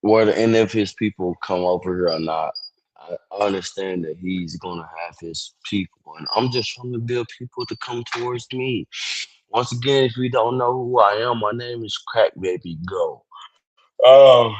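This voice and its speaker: This young man's voice is on the low side and moderately paced, in a dry, rough recording. He's a tired livestreamer chatting loosely on his phone, rambling, yawning, apologizing and profane.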